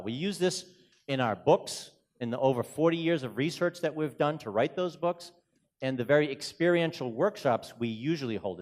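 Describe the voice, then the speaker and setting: A man with a Boston accent giving an energetic, joking conference presentation in a hotel conference room. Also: medium pitch. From Boston, USA. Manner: energetic, joking, moves around a lot. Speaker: conference speaker.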